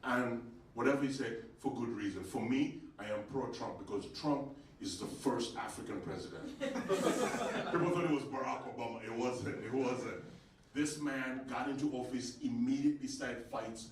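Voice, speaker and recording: Comedian in an echoey theatre. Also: male voice, medium pitch, expressive, normal speed, a crowd in the background. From Uganda. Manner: conversational storytelling with sudden yelled punchlines. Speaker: stand-up comedian. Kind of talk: live stand-up comedy set. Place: theatre stage with live audience. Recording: echoey theatre, distant mic, audience laughter.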